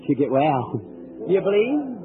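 A man's voice: fairly high pitch, big pitch swings, measured pace. A male evangelist preaching at a healing service, fervent and emphatic, calling out to people in the audience. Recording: tinny old lo-fi recording with faint hiss.

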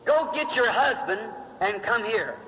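A calm, commanding male teacher, as a preacher acts him out, speaking in plain, measured pronouncements. The high, bright voice carries through a reverberant hall. The recording is dull and muffled. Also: slight background noise, heavily acted.

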